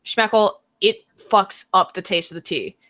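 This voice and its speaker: A woman's voice: medium pitch, animated, a little slow, pushed and bright. A woman hosting a casual chat stream, emphatic and swearing freely. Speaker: stream host.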